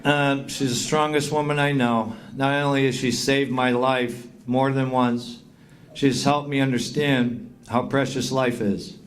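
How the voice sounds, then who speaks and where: A man's voice: mid-range voice, steady tone, measured pace. A middle-aged man giving a heartfelt acceptance speech at a hall of fame induction, thanking people and reading out long lists of names. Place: induction banquet.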